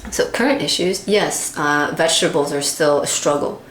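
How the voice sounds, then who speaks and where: This vlogger speaks at a normal pace in a low voice, chatting openly and playing out her inner thoughts with lively energy. Her audio has room echo and a soft background hiss.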